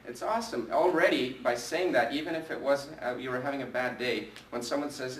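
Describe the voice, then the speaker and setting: A man's voice: medium pitch, brisk, few pauses, a little hiss or hum. A man leading a live sales training in front of a group, coaching energetically and asking the room questions. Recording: echoey room from a distance with faint ambience.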